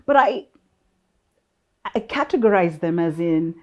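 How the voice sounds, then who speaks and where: A woman in her fifties from Kenya chats as a podcast guest. She tells her stories in a lively way and laughs easily. Her voice sits on the low side. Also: unhurried, lo-fi sound. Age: 50s. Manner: lively, laughs often, storytelling. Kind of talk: casual chat.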